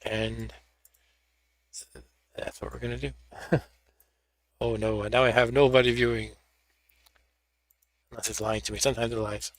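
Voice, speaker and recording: A man's voice: medium pitch, level tone, measured pace, pauses often, dry recording. A man hosting a live gaming stream, chatting casually and narrating each step as he sets up and plays. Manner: chatty, narrates his own setup steps. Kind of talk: casual gameplay commentary.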